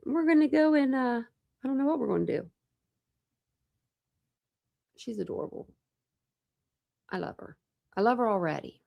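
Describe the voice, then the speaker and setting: This true crime channel host has a high-leaning, sing-song, creaky voice, a moderate pace, and long pauses. In a casual online chat she rambles, laughs often, browses videos, and coos and talks to her pets. The recording is dry and lo-fi.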